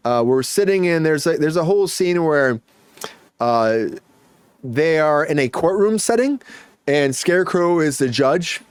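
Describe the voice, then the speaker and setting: A middle-aged man hosting a podcast, telling stories in a casual, profane, animated way. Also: a little high, a little slow, smooth, no room sound. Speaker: podcast host. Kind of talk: casual chat, storytelling.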